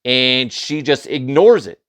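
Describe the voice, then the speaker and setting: A man hosting a comedy news podcast, telling funny stories in a chatty, animated way and laughing at his own jokes. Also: medium pitch, slow, no echo. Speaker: podcast host. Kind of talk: casual comedic storytelling.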